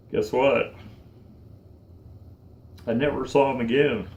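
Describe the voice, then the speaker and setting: A man in his forties, choked up and close to tears, speaking slowly and haltingly in a heartfelt personal vlog. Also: mid-range voice, steady tone, echoey room. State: choked up, tearful. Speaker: vlogger.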